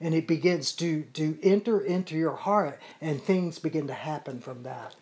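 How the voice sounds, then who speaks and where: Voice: medium pitch, moderate pace, darkish tone, slight background noise. A person leading a casual Bible study, explaining scripture earnestly with frequent repeats and restarts. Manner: earnest, repetitive, self-correcting.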